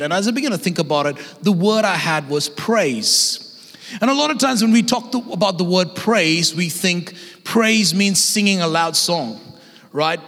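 A man in his thirties delivers a lively sermon in a high voice, speaking casually and animatedly to his congregation. His words carry a long reverb from a large church auditorium. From Australia. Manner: energetic, conversational preaching with acted-out voices. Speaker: guest pastor.

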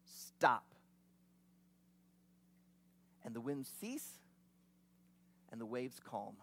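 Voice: medium pitch, big pitch swings, slow pace, warm tone. A preacher giving an expository sermon, retelling the scene in a vivid, conversational way with casual asides.

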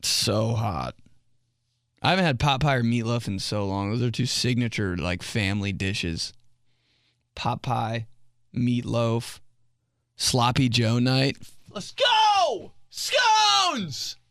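A young man hosting a solo comedy podcast, rambling and swearing casually and jumping into high mock voices for jokes. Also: slow pace, pauses often, no echo, clean studio sound. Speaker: podcast host.

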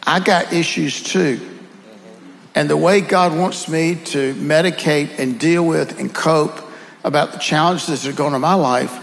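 Gravelly Southern man, folksy storyteller. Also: a little high, a little slow, fairly bright tone, in a large hall, low-quality recording. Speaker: guest speaker. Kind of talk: conversational storytelling.

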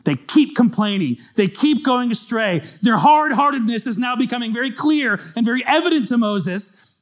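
A male pastor preaching a sermon in a conversational, animated storytelling manner. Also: very high voice, moderate pace.

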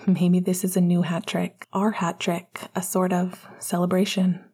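A devoted young man whispering softly and teasing gently, as a woman voices him. The voice is low and gravelly, with a dark, breathy hush. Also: level tone, measured pace. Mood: tender. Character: tender young male lover, teasing and devoted.

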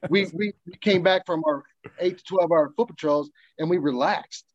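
A man, a military veteran, telling a story in casual chat, animated and profane as he acts out the dialogue. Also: a little high, moderate pace, no room sound, muffled recording.

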